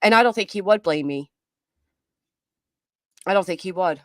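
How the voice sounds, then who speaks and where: A woman's voice: on the low side, normal speed, a bit bright, no room sound, clean studio sound. Chatty woman reacting to a clip. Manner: chatty, reads viewer comments aloud. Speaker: commentary streamer. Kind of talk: live reaction commentary.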